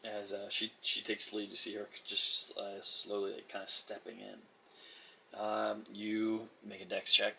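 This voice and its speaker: Man, game master, casual narration, filler words, bright tone. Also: fairly low pitch, monotone, a little slow, gravelly, slight background noise. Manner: casual, many fillers, chuckles often.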